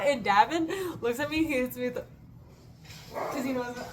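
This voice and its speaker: A woman's voice: sits high, brisk, pauses often, background noise. A woman telling stories in a casual vlog, gushing and giggly, rambling from one thing to the next. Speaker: student and vlogger.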